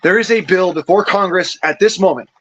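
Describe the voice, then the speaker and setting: A man's voice: sits high, a little fast, lo-fi sound, a little hiss or hum. An injured veteran, a man who has had a couple of beers, ranting furiously and profanely into his cell phone, stammering over his restarts. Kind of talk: angry vlog rant.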